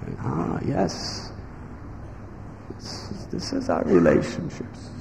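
A man giving a devotional sermon in slow, emphatic phrases, now and then acting out what others might say. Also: medium pitch, wildly swooping pitch, vocal fry. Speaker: spiritual teacher. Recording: echoey hall with faint background noise.

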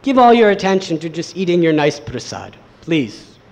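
A playful, mischievous young boy who coaxes sweetly in a lifted voice, as a male storyteller puts him on. He sounds gentle and teasing, as in a sermon's story. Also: fairly high pitch, very animated, normal speed. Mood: coaxing. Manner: sweet, coaxing.

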